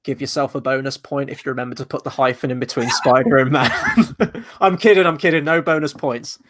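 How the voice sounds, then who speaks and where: A man's voice: mid-range voice, brisk, noisy background. Jokey man co-hosting a quiz. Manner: rambling, jokey. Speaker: quiz co-host. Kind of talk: casual quiz chat.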